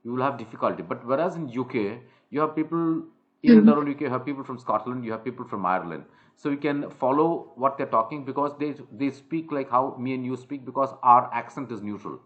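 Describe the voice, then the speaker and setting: A man's voice: medium pitch, animated, a little fast, phone-quality sound. A man with an Indian accent coaching a trainee one-on-one, lecturing with many fillers and restarts. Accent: Indian English. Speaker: soft skills trainer.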